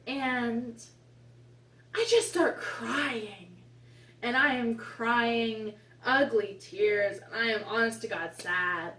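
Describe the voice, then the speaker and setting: A woman's voice: on the high side, slow, a bit bright. Twenties woman, casual storyteller with exasperated asides, recorded at a distance in a roomy space. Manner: chatty, rambling, exasperated asides. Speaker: vlogger. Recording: echoey room, mic at a distance.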